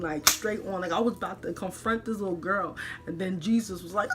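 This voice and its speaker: A young woman hosting her own vlog, telling a funny story in a casual, animated way with many fillers. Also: mid-range voice, brisk, over music. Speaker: vlog host.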